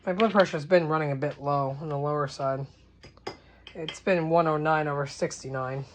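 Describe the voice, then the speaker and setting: A woman's voice: low voice, steady tone, normal speed, background noise. A woman chatting casually on a home livestream, rambling with exasperated asides.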